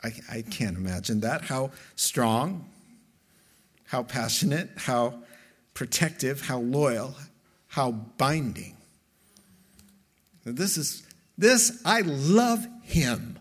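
A man preaching a sermon as a pastor, emphatic and slow, with dramatic pauses between phrases. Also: medium pitch, husky.

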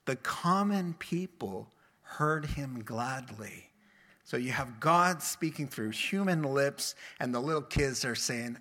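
A man preaching a sermon, expressive, acting out the voices he quotes. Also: fairly high pitch. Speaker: pastor.

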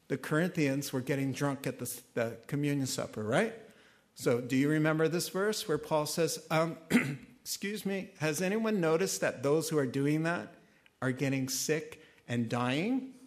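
A man preaching a sermon in a conversational style, animated and then suddenly quiet. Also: fairly high pitch, moderate pace. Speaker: pastor.

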